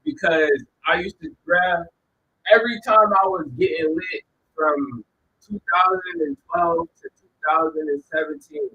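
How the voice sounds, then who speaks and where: A man around thirty with a fairly high, bright, forward voice, hosting a livestream. He reacts to songs in loose, slangy casual talk and often breaks in to argue with the lyrics. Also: measured pace, gravelly, dull audio. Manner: animated, slangy, talks back to the song. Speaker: livestream host reacting to music.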